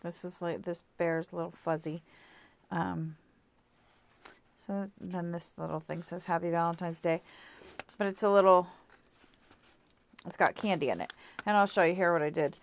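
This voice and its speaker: A woman's voice: fairly low pitch, steady tone, normal speed, gravelly, long pauses. A woman giving a casual craft tutorial at home, chatty and rambling with lots of fillers, self-corrections and apologetic asides. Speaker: craft vlogger.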